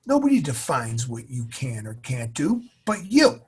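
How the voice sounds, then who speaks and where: A man voicing a firm mother who lectures her son, in a stern, steady tone. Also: medium pitch, unhurried, slightly rough, exaggerated voice.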